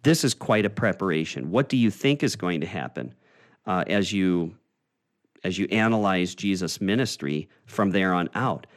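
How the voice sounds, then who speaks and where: A man teaching a Bible study in a conversational, explaining way, often pausing with "uh" and restarting phrases. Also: low-pitched, expressive.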